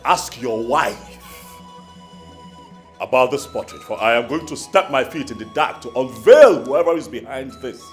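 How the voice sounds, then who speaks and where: A man's voice: mid-range voice, expressive, a little fast, hardly any pauses, soft background music, lightly acted. A man playing an indignant young prince. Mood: threatening. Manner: indignant, pleading then shouting. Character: angry young male prince demanding answers. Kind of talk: period drama acting.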